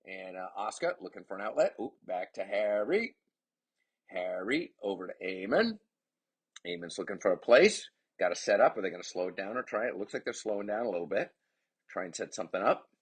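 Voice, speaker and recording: A man giving chatty, excitable play-by-play commentary on his son's game, with rambling asides. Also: lowish voice, fairly quick, husky. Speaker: parent commentator.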